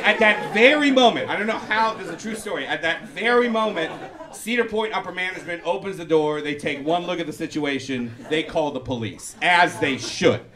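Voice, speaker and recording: Stand-up man before a laughing crowd. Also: fairly high pitch. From Persian heritage. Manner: loose storytelling with big shouted punchlines. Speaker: stand-up comedian. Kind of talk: stand-up comedy set. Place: comedy club before a live audience. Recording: live club audience laughter.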